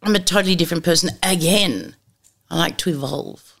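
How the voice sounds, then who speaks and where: A woman's voice: lowish voice, brisk, vocal fry. A middle-aged woman telling candid stories as an interview guest, bluntly and with acted-out dialogue. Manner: blunt and lively, acts out dialogue, casual swearing.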